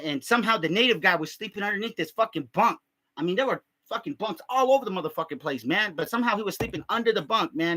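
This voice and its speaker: Young guy, crude improv storyteller, heavy cursing, rambling, bright tense edge to the voice. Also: high-pitched. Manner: crude, rambling, heavy profanity, constant filler "man". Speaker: comedy vlogger.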